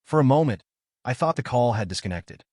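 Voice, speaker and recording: A man narrating a first-person story in a dramatic, expressive way. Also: medium pitch, fairly quick, no echo, clean studio sound.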